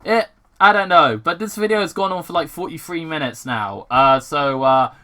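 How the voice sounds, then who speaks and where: A man reading fan fiction aloud on his channel and chatting between passages, rambling and excitable, swearing casually and stumbling over words. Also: on the high side, moderate pace.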